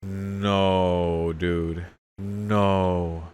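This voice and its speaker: A man with a very deep voice gives casual reaction commentary on a show. He speaks slowly and unhurriedly. He exclaims, swears and talks back at the screen. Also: level tone, darkish tone, clean tone, no echo. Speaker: reaction video creator.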